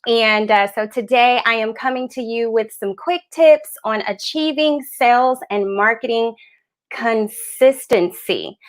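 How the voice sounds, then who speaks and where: Chatty woman doing a business tips live stream, kinda high voice, bit out of breath. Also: a little slow. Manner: upbeat, chatty, greets viewers as they join. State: a little out of breath. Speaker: host of a business tips livestream. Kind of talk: live-streamed coaching talk.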